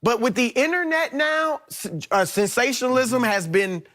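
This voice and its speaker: A middle-aged man, a sports debate panelist, laying out his case in a measured, explanatory way. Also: very high-pitched, lively intonation, sharp tone. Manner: measured, explanatory, with frequent restarts.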